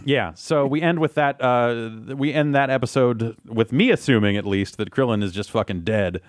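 A man co-hosting a casual anime recap chat, rambling with restarts and swearing, slipping into quick quoted lines. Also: medium pitch, no room sound, studio quality. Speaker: podcast co-host.

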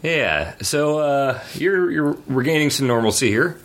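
A man's voice: a little high, lively intonation, a little slow, fairly bright tone. A man hosting a casual podcast chat, rambling and teasing. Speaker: podcast host. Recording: faint background noise.

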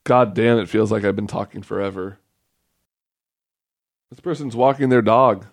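A man's voice: fairly low pitch, moderate pace, vocal fry, dry recording. A young man hosting a casual podcast, rambling and joking about himself. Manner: rambling, joking, self-mocking. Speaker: podcast host. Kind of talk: casual solo podcast chat.

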